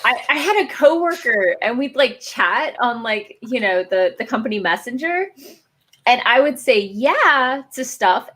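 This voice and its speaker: Chatty higher-voiced woman hosting. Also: measured pace. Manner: chatty, joking, animated quoting. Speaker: livestream host. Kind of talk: casual chat.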